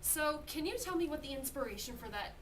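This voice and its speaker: Woman, mock interviewer, animated pitch, distant mic, noisy background. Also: fairly quick. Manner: mock-earnest, lively questioning. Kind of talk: improvised mock interview sketch.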